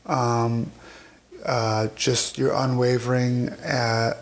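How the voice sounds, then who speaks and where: A man's voice: medium pitch, level tone, drawn-out words. A man hosting a podcast in loose, self-deprecating casual chat. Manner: loose, rambling, self-deprecating, with frequent fillers. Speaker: podcast host.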